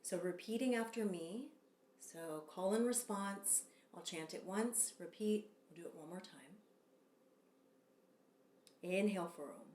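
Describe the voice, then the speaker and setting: A woman teaching a yoga sutra lesson, speaking calmly and measured, leading chants. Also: fairly low pitch, echoey room, a little hiss or hum. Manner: calm, slow and measured, with long drawn-out chants. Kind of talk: Sanskrit sutra lesson with call-and-response chanting.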